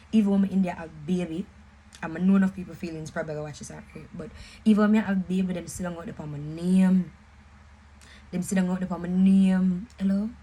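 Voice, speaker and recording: A young woman with a Jamaican accent, casually telling a personal story in an animated, emphatic way, mixing patois and English. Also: on the low side, a little hiss or hum, poor audio. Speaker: vlogger.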